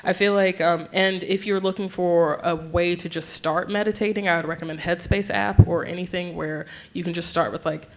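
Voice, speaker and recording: A young woman and yoga teacher telling a candid personal story to an audience, animated and casual, with frequent swearing and "like". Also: lowish voice, moderate pace, few pauses.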